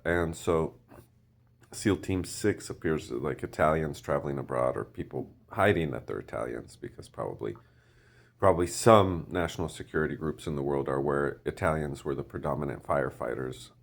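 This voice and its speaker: A man rambling through a casual monologue, often clearing his throat and hesitating. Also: a bass voice.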